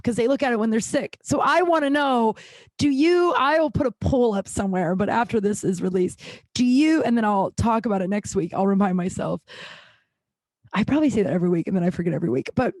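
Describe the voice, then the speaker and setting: A woman's voice: mid-range voice, darkish tone, dry recording. Forties woman podcast host: loose, candid, wandering chat into a dry, close studio mic. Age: 40s. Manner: rambling, candid, swears casually. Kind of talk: casual solo podcast chat. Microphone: studio podcast microphone.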